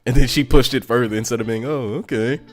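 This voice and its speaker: A man's voice: mid-range voice, fairly even intonation, fast talker, soft background music. A young man co-hosting a casual podcast, swearing freely and laughing through his lines. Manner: laughs constantly, profane. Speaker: podcast co-host. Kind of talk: casual crude banter.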